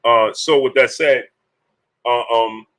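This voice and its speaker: A man's voice: mid-range voice, fairly even intonation, slow, fairly bright tone, poor audio. A man hosting a casual boxing talk livestream, greeting viewers by name between his points, with many fillers.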